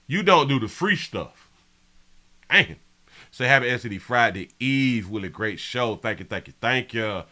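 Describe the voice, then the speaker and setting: A man hosting a live stream, reading viewer comments in a brash, profane way that swings from mumbling to yelling. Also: medium pitch, expressive, a little slow. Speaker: live show host.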